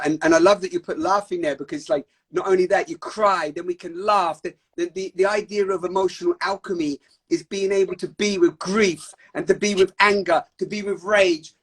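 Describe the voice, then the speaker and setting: A man's voice: high-pitched, a bit bright, husky. A man hosting a live stream, talking with intense, preachy passion about emotions and swearing for emphasis. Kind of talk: passionate spiritual talk.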